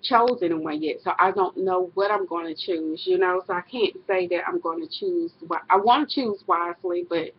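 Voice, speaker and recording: Middle-aged woman, husky voice, casual rambling vlog monologue, dull webcam audio. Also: lowish voice, normal speed, hardly any pauses. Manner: rambling, self-correcting, laughs often. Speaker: vlogger.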